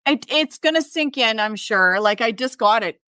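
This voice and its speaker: A woman from Canada, a guest telling a story in casual conversation, with many fillers and lively retellings. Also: a little high, moderate pace, dry recording. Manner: chatty, lots of fillers, animated retelling. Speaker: interview guest.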